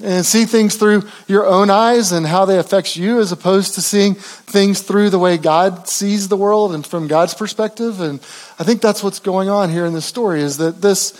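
Guy preaching, high voice, chatty storytelling, lots of ums and restarts, goes soft then loud. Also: moderate pace. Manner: conversational storytelling preaching with many fillers and restarts; voice drops low and quiet in tender passages, rises for quoted speech. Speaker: pastor. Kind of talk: sermon.

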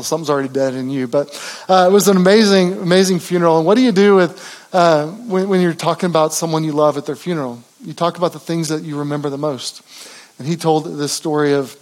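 Man preaching an earnest, chatty sermon. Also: a little high. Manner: earnest, conversational preaching with restarts. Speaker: pastor.

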